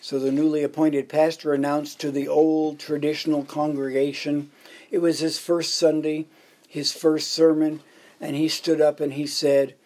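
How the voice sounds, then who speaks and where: This pastor's voice sits on the high side, with a level tone, moderate pace and a slightly mellow quality. His sermon mixes joke anecdotes with points counted off one by one.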